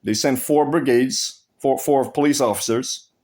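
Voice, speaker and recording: A man's voice: mid-range voice, unhurried, darkish tone. Blunt, profane man telling a story. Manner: restarts and repeats phrases. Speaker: vlogger. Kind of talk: casual vlog monologue.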